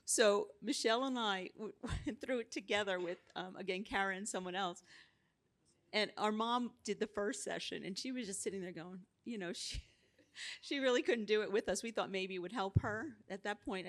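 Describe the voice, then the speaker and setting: A woman's voice: mid-range voice, normal speed. A woman in her sixties sharing a personal story on a conference panel, chatty with frequent laughter. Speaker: abortion survivor panelist. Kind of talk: live panel conversation. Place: conference stage.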